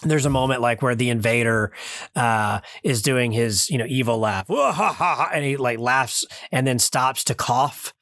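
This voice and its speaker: A man's voice: mid-range voice, steady tone, normal speed, a bit bright, dry recording. Rambling man with a dry, close sound. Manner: rambling, hesitant, many fillers and restarts. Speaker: podcast co-host reviewing a film. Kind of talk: casual review chat. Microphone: remote call mic.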